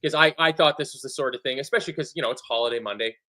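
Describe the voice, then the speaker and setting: A man co-hosting a football fan show in casual chat, animated and sweary, often acting out other people's lines. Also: medium pitch, racing. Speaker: football podcast co-host.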